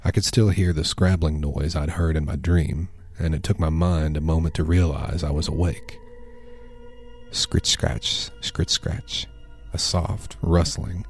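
A man narrating a first-person horror story in a hushed, measured way. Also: a bass voice, breathy edge.

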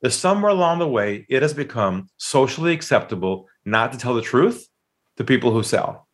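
A man's voice: medium pitch, big pitch swings, a little fast. A man telling a dramatic story about a sales call, acting out the quoted voices with emphatic delivery. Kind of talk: animated storytelling.

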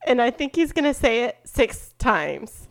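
A woman co-hosting a casual podcast, upbeat and quick to laugh. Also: a little high, sing-song, creaky. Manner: upbeat, giggly. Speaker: podcast co-host. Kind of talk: casual chat.

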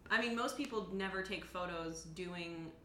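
A woman's voice: fairly low pitch, moderate pace, fairly bright tone, a little hiss or hum. A young woman photographer chatting as a guest, enthusiastic and rambling with many fillers. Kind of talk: casual chat. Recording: echoey room, faint ambience.

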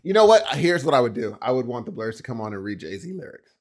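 A man co-hosting a podcast, joking around in casual chat and laughing easily. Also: medium pitch. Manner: animated, jokey, quick to laugh. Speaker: podcast co-host.

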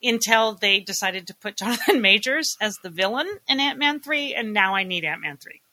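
A woman co-hosting a podcast in casual chat, enthusiastic and quick to laugh. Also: medium pitch, animated, sharp tone. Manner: chatty, enthusiastic, laughs often. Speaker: podcast co-host.

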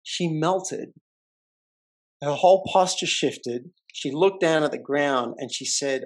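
A man's voice: a little high, takes it slowly. A man hosting a podcast, telling a story in a casual way and acting out the voices of the people in it. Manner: animated storyteller, acts out quoted voices. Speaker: podcast host.

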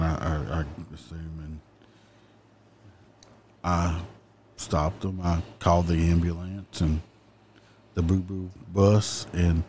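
A man's voice: deep voice, slight background noise. Blunt, cussing ex-cop man. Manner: blunt, profane, mimics people loudly. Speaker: former police officer. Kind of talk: casual storytelling chat.

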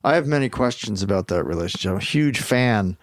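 A man, a guest actor, chatting casually in an interview and telling stories with quick asides over a video call. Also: on the low side, dry recording, clean studio sound. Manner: animated storyteller, quick asides.

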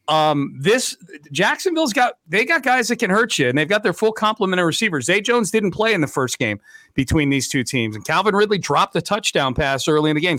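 A sports radio host with a higher, fairly bright voice talks casually, his speech full of fillers and restarts. There's no echo on the recording.

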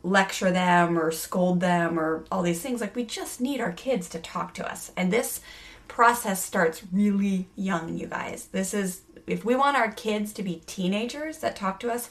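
A woman's voice: medium pitch, a bit bright. A woman hosting a parenting course who laughs often and talks through lists of points with energy. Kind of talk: parenting lesson with role-play.

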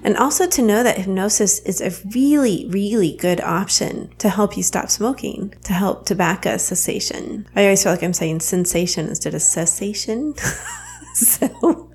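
A woman's voice: medium pitch, creaky, darkish tone, slightly rough. A woman with a Southern US accent hosting a podcast, talking in a chatty way and laughing easily. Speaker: podcast host. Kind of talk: casual podcast interview.

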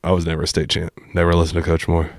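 A young man with a very low voice tells casual stories as a podcast guest. He acts out other people's lines and keeps saying "dude," and the sound is dry and close. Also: rapid-fire, no room sound. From Appalachian Kentucky. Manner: animated storyteller who acts out quotes, says dude a lot. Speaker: podcast guest, former high school teacher. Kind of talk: casual storytelling chat.

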